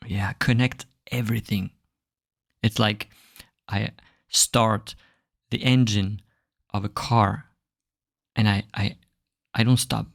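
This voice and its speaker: A man with a French accent hosting a podcast lesson, explaining in an unhurried way and drawing out spelled letters. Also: fairly low pitch, steady tone, gravelly, dry recording, studio quality. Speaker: French teacher, podcast host.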